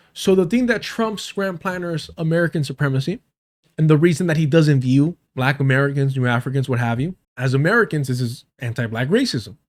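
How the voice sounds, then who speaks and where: A man commenting on a live stream in a heated, sarcastic and profane way. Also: on the high side. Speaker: streamer reacting to a debate.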